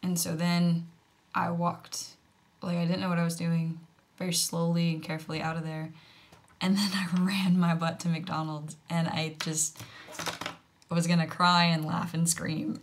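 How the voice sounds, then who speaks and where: Chatty American woman, lowish voice. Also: a little hiss or hum. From United States. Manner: chatty, filler-heavy, drops into whispered asides. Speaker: vlogger. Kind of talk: casual storytelling.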